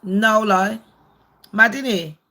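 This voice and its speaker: A woman's voice: medium pitch, takes it slowly, noisy background. A woman hosting a casual live stream, chatty, swearing freely and laughing often. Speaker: livestream host.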